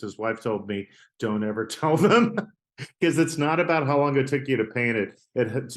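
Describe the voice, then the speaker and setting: A man tells stories as a guest on an interview podcast, chatty and rambling. He tosses in "right?" and "like" as he goes. His voice sits in a middle pitch. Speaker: artist guest. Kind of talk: casual storytelling interview.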